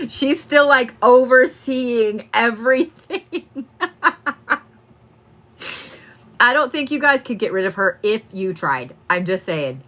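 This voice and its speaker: Bright-voiced, laughing young woman medium. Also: fairly high pitch, lively intonation, slow pace, long pauses. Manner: casual, laughs often, swears freely. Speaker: psychic medium. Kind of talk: live-stream reading.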